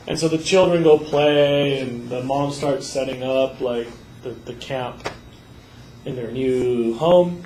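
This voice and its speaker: A male teacher giving a lively classroom lecture, telling stories and acting out voices. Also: medium pitch, measured pace, recorded from a distance. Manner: animated storyteller, acts out voices. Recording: echoey classroom with faint noise.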